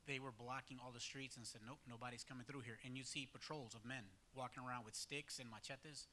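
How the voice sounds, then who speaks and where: A man's voice: medium pitch, steady tone, a little fast, pushed and bright, slight background noise. A man telling a church congregation about a relief trip, rambling with many fillers and restarts. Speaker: church mission volunteer. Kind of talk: casual storytelling to a congregation.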